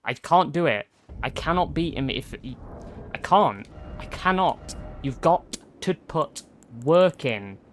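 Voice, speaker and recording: A man's voice: fairly high pitch, animated, slow, slight background noise. Frustrated man commentating gameplay. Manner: frustrated, swearing, repeating himself. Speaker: gaming streamer.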